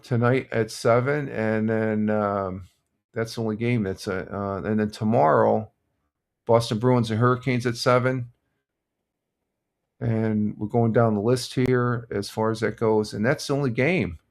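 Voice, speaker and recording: An older man hosting a casual live stream, chatting in a relaxed, rambling way with lots of fillers and restarts. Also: lowish voice, measured pace, creaky. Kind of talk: casual morning chat reading sports scores and viewer comments.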